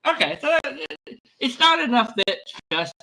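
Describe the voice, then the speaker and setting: Bright, lively man rambling to camera. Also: very high voice, moderate pace, creaky, rough recording. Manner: rambling, many fillers and restarts. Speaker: YouTuber. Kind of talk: casual vlog monologue.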